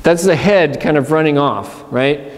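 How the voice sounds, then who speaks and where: A man's voice: a little high, measured pace, in a large hall. A man, an abbot from Pennsylvania, giving a conversational sermon at a retreat and acting out inner voices. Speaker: monastery abbot. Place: church.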